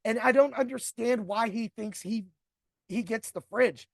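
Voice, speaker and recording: A man's voice: extremely high pitch, a little slow, gravelly, no echo, studio quality. A middle-aged man hosting a podcast, telling a grievance story in a profane, rambling rant. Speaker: podcast host. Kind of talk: ranting storytelling.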